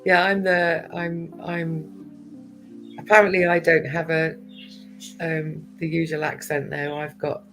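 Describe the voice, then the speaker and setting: A woman with a posh English accent talks in a low, unhurried voice, chatty and quick to laugh, with plenty of little fillers. Faint music plays behind her. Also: level tone, fairly bright tone, rough recording. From United Kingdom. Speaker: guest on a livestream chat. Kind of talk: casual chat.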